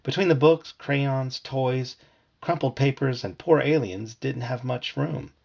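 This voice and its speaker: A man's voice: mid-range voice, unhurried, gravelly. A man reading a children's book aloud to his family, telling it expressively. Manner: expressive storytelling.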